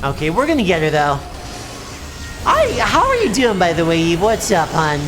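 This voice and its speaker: A woman streaming a video game live, chatting with viewers and yelling at the game when it goes wrong. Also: on the low side, normal speed, music in the background. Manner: excitable, yells at the game, then apologizes. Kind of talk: live gameplay commentary.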